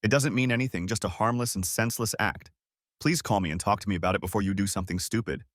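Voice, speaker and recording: A man's voice: on the low side, fast talker, no room sound, studio quality, lightly acted. A man voicing a guilty wife and mother who leaves anxious, pleading voicemails. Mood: sobbing.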